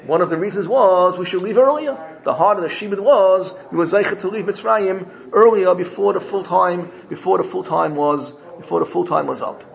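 Gravelly man telling a sermon parable. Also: high voice, moderate pace, few pauses, rough recording. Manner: animated storytelling, frequent self-corrections.

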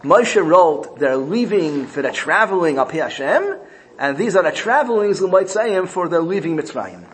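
A man teaching a Torah class, weaving Hebrew terms into his English and slowing down to quote each verse. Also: on the high side, expressive, rough recording.

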